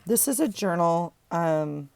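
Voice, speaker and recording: A woman's voice: on the low side, expressive, takes it slowly, vocal fry, a little mellow, no echo. A woman vlogger chatting casually and rambling as she sorts through journaling supplies at her desk. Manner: rambling, chatty, self-correcting. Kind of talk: casual chat while tidying a desk.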